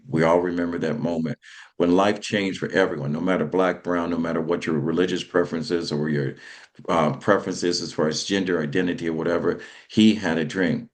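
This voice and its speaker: A man hosting a motivational talk show, speaking in a preacherly way and often checking in with "all right?". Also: low-pitched. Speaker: host.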